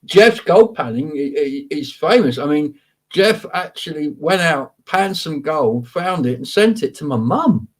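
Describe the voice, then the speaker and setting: A man's voice: on the high side, lively intonation, unhurried. A man from Wales hosting a casual live show, chatting and greeting viewers by name. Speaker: host. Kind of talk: casual live-stream chat.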